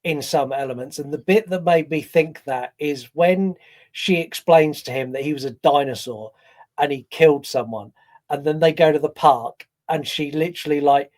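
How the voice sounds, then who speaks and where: A man co-hosting a film podcast, his voice sitting a touch high for a man. He chats casually and keeps breaking into acted-out quotes from the scenes he describes. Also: moderate pace, darkish tone. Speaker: podcast co-host. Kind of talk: casual film review chat.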